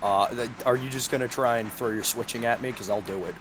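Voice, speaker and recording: A man chatting casually with friends over voice chat while gaming, laid-back and quick to laugh. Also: medium pitch, steady tone, background noise.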